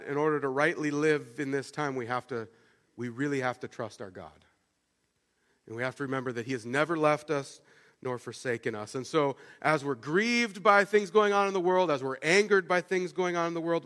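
A man's voice: fairly high pitch, fairly bright tone, big-room sound. A male pastor giving a conversational sermon, often restarting phrases with fillers and repeated words.

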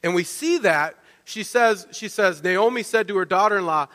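A man preaching a sermon, telling the story in a lively way and often checking in with "right?". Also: high voice, normal speed, hardly any pauses. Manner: animated storytelling, with frequent restarts and "right?" asides. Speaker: pastor. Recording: long reverb of a large hall.

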